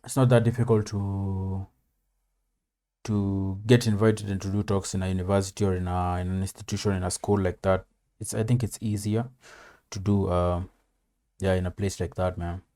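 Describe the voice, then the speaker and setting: A man's voice: sits low, flat delivery, moderate pace, dark tone. A man casually commenting on a video, laid-back, swearing and saying "man" often. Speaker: reaction video host.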